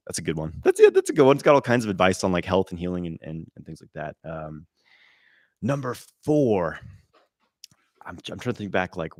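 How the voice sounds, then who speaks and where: A man answering viewer questions on a live stream, loose and animated, swearing, with many fillers and restarts. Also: deep voice, no room sound, studio quality. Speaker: qigong teacher answering live chat questions.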